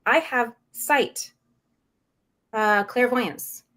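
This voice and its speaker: A woman guest in a podcast interview, telling a personal story in a lively way, laughing often and acting out what others said. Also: fairly high pitch, extremely slow. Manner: animated, acts out quoted voices, laughs often; self-described saucy.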